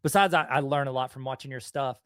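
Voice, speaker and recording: A man's voice: medium pitch, fast, fairly bright tone, clean tone, no room sound, clean studio sound. A man with a Southern US accent hosting a casual conversation, telling stories with enthusiasm. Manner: enthusiastic storytelling. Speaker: host.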